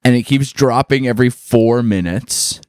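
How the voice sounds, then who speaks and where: A man's voice: medium pitch, normal speed, a little mellow, dry recording, clean studio sound. A man co-hosting a casual podcast, rambling and swearing as he complains about things. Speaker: podcast co-host. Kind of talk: casual chat.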